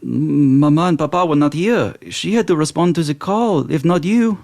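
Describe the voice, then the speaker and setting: A man voicing an excitable male skeleton with a put-on French accent, effusive and full of gasps. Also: on the high side, moderate pace, creaky, pitched above the performer's own voice. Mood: earnest. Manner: effusive, gasping. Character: excitable male skeleton brother, gushing host.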